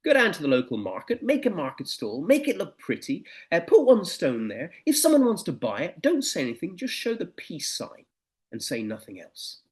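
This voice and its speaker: A man voicing a calm father advising his teenage son in a spoken story. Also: a little high, normal speed, voice pushed up. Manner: calm, instructive.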